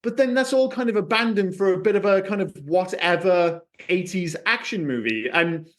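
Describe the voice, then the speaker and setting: Animated man riffing on a film podcast. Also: sits high, fairly quick. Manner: animated, swears freely, acts out quips. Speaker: podcast co-host. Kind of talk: casual film review chat.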